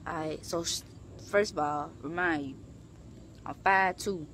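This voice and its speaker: A young woman telling a story in a casual vlog, animated and profane, leaping up in pitch for emphasis. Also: a little slow, slight background noise. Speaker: vlogger.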